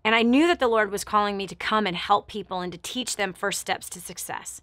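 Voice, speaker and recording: A woman's voice: medium pitch, a little fast, a bit bright, no echo, studio quality. A woman hosting a talk show, telling a personal story with emphatic, repeated phrases and acting out what others said. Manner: acts out other people's words in her story. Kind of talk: motivational radio monologue.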